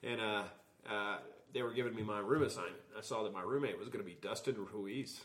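A man's voice: on the low side, fairly quick. Cursing, laughing podcast man. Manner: profane, animated storytelling with frequent laughs. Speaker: podcast co-host. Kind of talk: casual chat.

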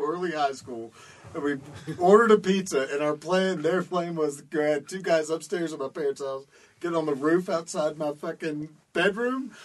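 Male talker, high-pitched, rambling and profane, casual storytelling. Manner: rambling, profane, laughs while telling.

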